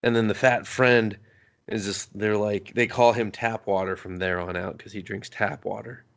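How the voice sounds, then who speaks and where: A man's voice: fairly low pitch, steady tone, creaky. A man co-hosting a movie review podcast, recapping a film with mocking sarcasm and constant swearing. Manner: mocking, swears often, acts out characters in quick voices.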